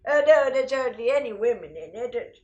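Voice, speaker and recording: A woman's voice: on the high side, animated, moderate pace, lo-fi sound. A woman doing a scripted comedy retelling with a confident, cheeky, mock-authoritative manner. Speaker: comedic co-presenter.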